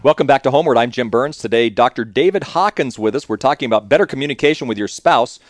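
A man hosting a radio talk show, with a smooth, expressive delivery. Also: medium pitch, fast, no room sound, faint music behind.

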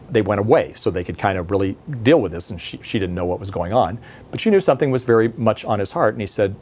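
A man's voice: fairly low pitch, animated, fast talker, a little mellow. A male pastor giving a televised sermon from a studio, telling a story in a conversational way and asking the listeners questions.

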